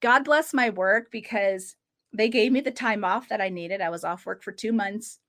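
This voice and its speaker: A woman's voice: medium pitch, normal speed, fairly bright tone. Earnest woman podcast host. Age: 30s. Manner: earnest, laughs often while telling a story. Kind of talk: casual podcast conversation.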